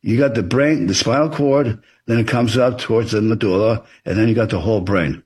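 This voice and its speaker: Being interviewed about his work as an author, a man explains things briskly in a lowish, somewhat mellow, husky voice. His manner is earnest and advisory, and he plays out example conversations.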